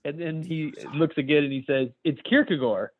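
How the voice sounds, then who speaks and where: A man's voice: fairly high pitch, little pitch movement, fairly quick. A man co-hosting a casual comedy podcast, telling jokes, cursing freely and laughing. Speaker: podcast co-host. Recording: tinny phone-like line.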